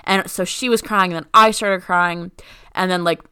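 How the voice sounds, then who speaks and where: Young woman, podcast co-host, casual chat, smooth clear voice, dry sound. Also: fairly low pitch, fairly even intonation, moderate pace, bright, forceful tone, no echo. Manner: rambling, heavy use of "like".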